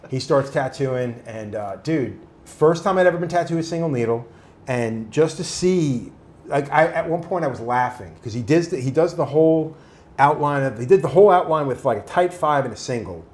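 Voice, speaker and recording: A man's voice: medium pitch, a little fast, reverberant, slight background noise. A man casually telling stories, swearing freely and acting out other people's voices. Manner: animated, swears freely, acts out quoted voices. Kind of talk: casual storytelling.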